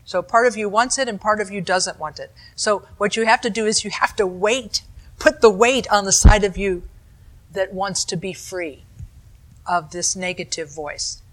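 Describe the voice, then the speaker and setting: A woman meditation teacher giving a dharma talk, explaining in a calm, conversational way with asides to her listeners. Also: medium pitch, normal speed.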